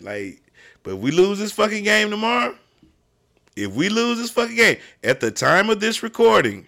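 Man, high voice, gravelly, bright tone, animated profane storytelling, youth football coach chatting. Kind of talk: casual chat.

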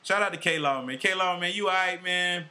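A man hosting a podcast in casual chat, animated, with heavy swearing and street slang. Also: high voice, normal speed. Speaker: podcast host.

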